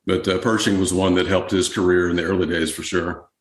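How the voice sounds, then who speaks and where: A man, a historian guest, answering interview questions in a relaxed, conversational way with frequent fillers. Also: sits low, a little fast, echoey room.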